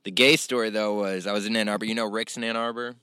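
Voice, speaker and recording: A man's voice: fairly low pitch, fairly even intonation, quick pace, bright, forceful tone, clean tone, no room sound. A young man on a podcast, rambling through a story with lots of swearing and acted-out quotes. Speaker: podcast guest. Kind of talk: casual chat.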